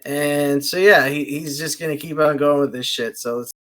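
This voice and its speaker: A man's voice: on the high side, fairly even intonation, normal speed, fairly bright tone. A man streaming a reaction, ranting angrily with constant swearing in a loose, rambling way. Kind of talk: profane reaction rant.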